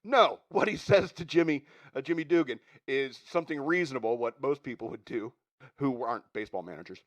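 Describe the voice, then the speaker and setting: A man's voice: mid-range voice, expressive, brisk. A man hosting a radio show, chatting casually and rambling with frequent chuckles. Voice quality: chuckling, rambling, self-interrupting. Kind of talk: casual chat.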